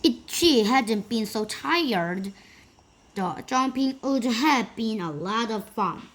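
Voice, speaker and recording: A woman reading a children's storybook aloud in a slow, careful way. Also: fairly high pitch, expressive. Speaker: storybook reader.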